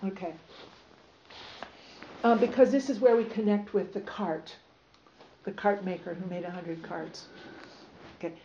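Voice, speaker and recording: Slow-talking woman reading aloud. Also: medium pitch, a little hiss or hum. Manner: relaxed, loose, many fillers. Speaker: speaker reading to an audience. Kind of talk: reading aloud, then casual talk. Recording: roomy, slightly dull recording.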